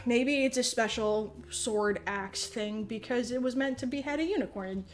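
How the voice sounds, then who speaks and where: A woman's voice: fairly high pitch, normal speed. A woman podcast host giving a casual comedic movie recap, rambling, swearing freely and laughing as she talks. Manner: profane, rambling, laughs often while telling.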